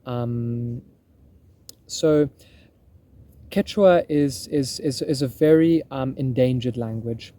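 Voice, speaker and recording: A man's voice: on the high side, mellow. A man reenacting history, explaining in casual talk and often breaking off to restart his thoughts. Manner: musing, self-interrupting.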